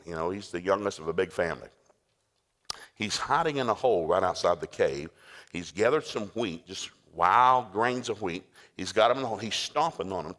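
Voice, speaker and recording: A man's voice: fairly low pitch, fairly bright tone. A man preaching a sermon in a folksy, storytelling way. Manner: folksy storytelling, acts out scenes. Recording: echoey hall with long reverb.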